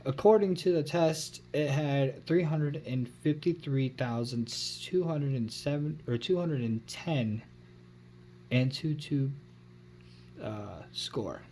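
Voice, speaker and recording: A man's voice: medium pitch, takes it slowly, mellow, a little hiss or hum. Rambling casual tech vlogger, man. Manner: rambling, self-correcting, unsure of his numbers. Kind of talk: casual phone review.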